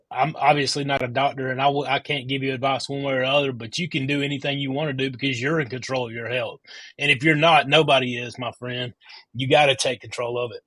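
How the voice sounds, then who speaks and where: A man's voice: mid-range voice, fairly bright tone, dry recording. A man speaking as a guest on a live stream, earnest and encouraging, often restarting his sentences. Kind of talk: casual live-stream chat.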